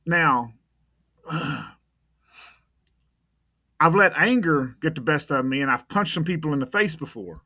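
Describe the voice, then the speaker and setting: A man's voice: on the high side, sing-song, unhurried, long pauses, pushed and bright, no room sound, clean studio sound. A man talking casually on a podcast as a private investigator guest, blunt and tough, often repeating words as he goes.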